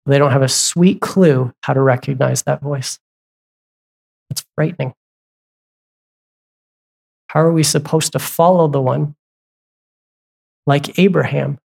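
A pastor delivering a sermon in plain, everyday speech. The voice sits at a middling pitch, and the preacher keeps turning to the congregation with direct questions, sometimes stopping to correct a slip or add an aside. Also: measured pace, creaky, long pauses, a little mellow. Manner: asks the congregation repeated questions; conversational, with asides and self-corrections.

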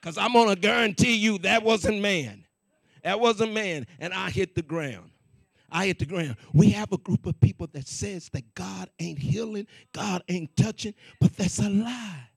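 A man preaching and telling a personal testimony in an animated, repetitive, conversational way. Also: sits high, normal speed, gravelly, slightly rough, no room sound. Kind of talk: sermon testimony storytelling.

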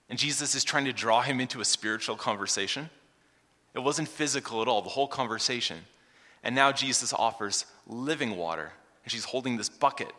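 A man's voice: medium pitch, a little fast. Emphatic male preacher in an echoing hall. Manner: expressive, swings from hushed to emphatic. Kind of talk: sermon on a scripture reading. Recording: long hall reverb.

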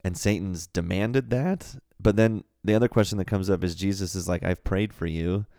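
A man co-hosting a podcast, talking through a Bible passage in a relaxed way and thinking aloud with frequent fillers. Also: low voice, normal speed, vocal fry, dry recording, clean studio sound. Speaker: podcast co-host. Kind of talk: casual Bible discussion.

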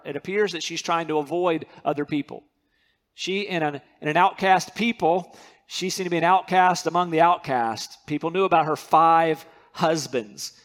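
Man, pastor, sermon, earnest, emphatic repetition, fairly high voice. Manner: earnest preaching, repeats key words for emphasis.

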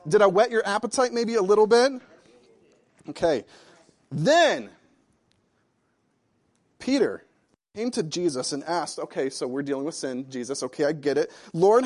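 A man preaching a sermon in an animated, conversational way, asking the congregation questions as he reads and explains a parable. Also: on the high side. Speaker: pastor.

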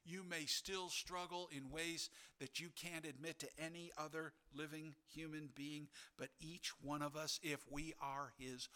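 A man preaching a sermon as a pastor, earnest and building to emphatic, insistent peaks, with soft, near-whispered asides. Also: a little high, steady tone, measured pace, hardly any pauses.

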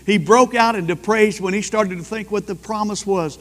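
A high-pitched man preaching with fervent energy, his voice swelling into loud bursts of praise. The sound rings with a long reverb, like a church hall. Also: normal speed. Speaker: pastor. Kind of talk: sermon.

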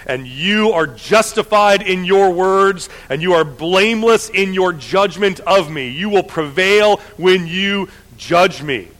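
A man preaching voices a penitent ancient king pleading for mercy, slow, hushed and earnest. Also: a little high, in a large hall, rough recording.

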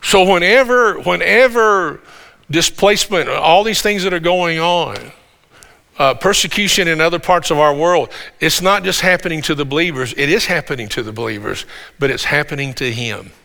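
A man with a slightly high, bright, forceful voice preaching a sermon. He talks in a conversational way, with restarts, and swells to loud emphasis. His voice rings with the long reverb of a church hall. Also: moderate pace, gravelly. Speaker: pastor.

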